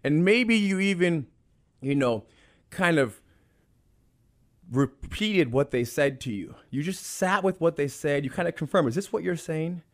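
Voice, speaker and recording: A man's voice: fairly high pitch, lively intonation, unhurried. A man guest on an interview podcast, a jiu-jitsu instructor, talking in an earnest, explanatory way and repeating phrases for emphasis.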